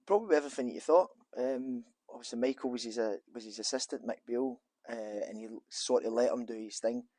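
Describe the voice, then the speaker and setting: A man in a middle-pitched voice answers interview questions in an office. He rambles, restarting his sentences and filling gaps as he goes. The sound is close and dry. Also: fast, warm tone, dry recording. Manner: rambling, with frequent restarts and fillers. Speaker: former footballer, interview guest. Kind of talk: casual interview chat.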